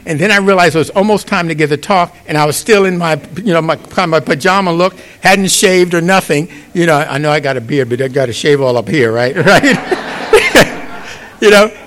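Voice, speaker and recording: Middle-aged male pastor, relaxed sermon delivery, fairly high-pitched, keeps asking the congregation if they follow. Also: normal speed, a little hiss or hum. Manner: conversational, asks "you get it?". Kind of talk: informal sermon.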